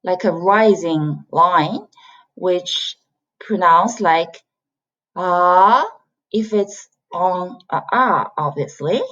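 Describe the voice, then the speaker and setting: A woman from China, a native Chinese speaker, gives a beginner Chinese lesson at a very slow, patient pace. She models each sound and repeats it several times for learners. The recording sounds dull and lo-fi. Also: fairly low pitch, fairly bright tone. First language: Mandarin Chinese. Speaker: Chinese language teacher. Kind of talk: online language lesson.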